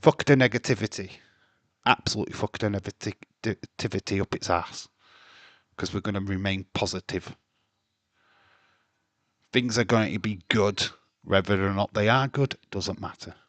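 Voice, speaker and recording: A man's voice: lowish voice, moderate pace, pauses often, a bit bright, dry recording. A man hosting a wrestling livestream, chatting casually and ranting with plenty of swearing.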